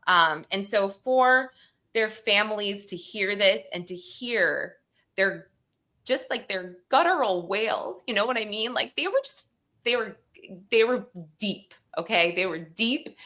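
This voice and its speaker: Woman host, crying while she talks, bright tense tone, animated courtroom retelling. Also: mid-range voice, a little slow. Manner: tearful, animated, acts out courtroom quotes. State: crying, sniffly. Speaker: true crime show host. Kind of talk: emotional livestream case recap.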